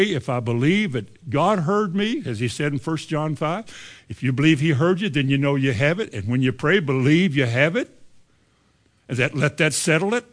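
A man, preaching a sermon with emphatic rises on key lines and quoting scripture. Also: a little high. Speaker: pastor.

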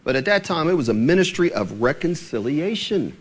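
A man preaching a sermon, asking the congregation rhetorical questions and slowing down to read scripture aloud. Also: fairly high pitch. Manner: animated, asks rhetorical questions, slows for scripture.

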